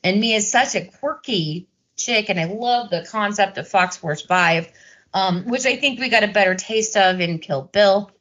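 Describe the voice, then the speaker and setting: A woman's voice: mid-range voice, a little slow, a bit bright. A woman co-hosting a casual film podcast, swearing freely and acting out scenes as she talks. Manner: swears freely, acts out scenes with quoted voices. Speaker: podcast co-host. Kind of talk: casual film-discussion chat.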